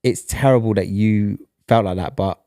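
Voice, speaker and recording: A man's voice: fairly low pitch, normal speed, mellow, no room sound, clean studio sound. A man co-hosting a podcast, talking in a reassuring way and putting things in context. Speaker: podcast co-host. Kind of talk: casual chat.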